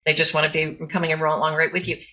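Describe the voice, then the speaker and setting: A woman's voice: sits low, monotone, fast, pushed and bright. A woman hosting a podcast interview, complimenting her guest and asking follow-up questions. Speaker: podcast host. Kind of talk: conversational interview.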